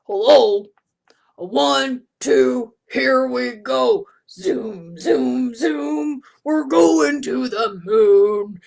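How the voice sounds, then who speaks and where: A woman doing a booming deep voice. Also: very slow, gravelly, a little mellow, exaggerated voice. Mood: silly.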